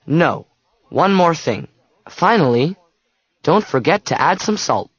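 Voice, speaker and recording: A man with a slightly husky, fairly high voice reads a textbook dialogue slowly. He gives clear, step-by-step instructions with a lively rise and fall. The sound is dry and a little muffled. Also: dry recording.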